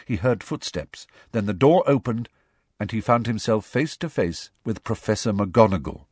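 A man narrating a storybook in an expressive storytelling manner. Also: lowish voice, normal speed, husky, no room sound, studio quality. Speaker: audiobook narrator. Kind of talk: scripted narration.

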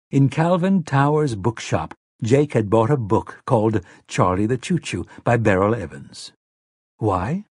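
A male audiobook narrator with a mid-pitched, slightly husky voice. He reads in a measured, expressive way, leaning into the story's moments. The recording is close and dry, with no room sound. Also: no echo. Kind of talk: scripted narration.

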